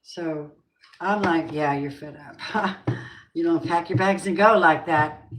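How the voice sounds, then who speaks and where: A woman's voice: fairly low pitch, slow pace, background noise. A woman reading tarot cards for her viewers in a casual, emphatic way, talking to them directly and swearing now and then. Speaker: tarot reader.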